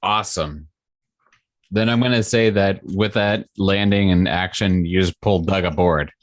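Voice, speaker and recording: A man running a tabletop game as game master, with a quick, easygoing manner. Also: low voice, no room sound.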